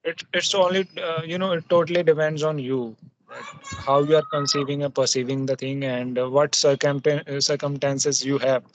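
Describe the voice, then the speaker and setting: A man's voice: on the high side, little pitch movement, moderate pace, slight background noise. Hesitant man, muffled audio. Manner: hesitant, many fillers and restarts. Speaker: host. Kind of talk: casual conversation practice.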